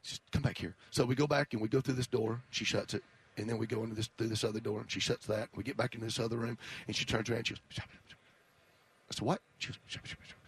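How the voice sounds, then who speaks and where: A man's voice: medium pitch, level tone, rapid-fire, husky. A man who is a guest on a talk radio show, telling long stories and repeating words as he goes. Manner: rambling, repeats words, laughs through his story. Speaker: guest musician. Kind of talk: storytelling in a radio talk interview.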